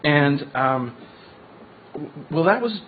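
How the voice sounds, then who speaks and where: A middle-aged man from Colombia tells the panel his own story, chatty and self-deprecating, in a fairly high voice. The sound is thin and phone-like. A faint noise runs under him. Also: expressive, slow pace. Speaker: physicist turned ocean founder, panelist. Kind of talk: personal talk at a panel.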